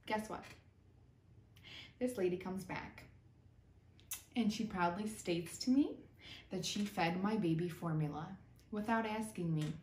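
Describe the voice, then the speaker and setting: A young woman telling a personal story in a storytime vlog, animated and sarcastic. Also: on the low side, measured pace, long pauses. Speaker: vlogger. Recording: roomy echo, distant mic, faint noise.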